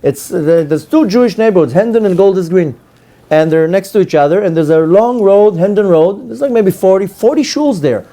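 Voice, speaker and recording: Joking rabbi with a mellow voice. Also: male voice, sits high, lively intonation, normal speed. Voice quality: storytelling with acted-out quotes, joking. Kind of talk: lively Torah lecture.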